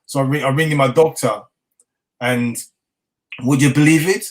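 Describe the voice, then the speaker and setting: Unhurried and mid-range, the voice of a middle-aged Londoner carries his story in a casual interview where he's the guest. The chef is animated, acts out what people said, and laughs frequently.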